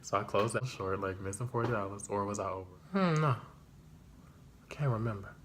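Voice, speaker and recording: A young man chatting through a storytime vlog in loose slang. His voice swings up and down in a lively way, shooting high whenever he acts out his own excitement. A faint hiss sits under the recording. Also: fairly quick. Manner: animated, jumps to high excited pitch when quoting himself; loose slangy chat with many fillers. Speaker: storyteller vlogger. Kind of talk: casual storytime.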